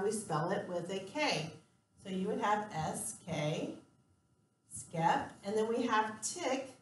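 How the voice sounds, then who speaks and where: A woman teacher giving a recorded spelling lesson, patiently explaining rules step by step and spelling words out letter by letter. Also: medium pitch.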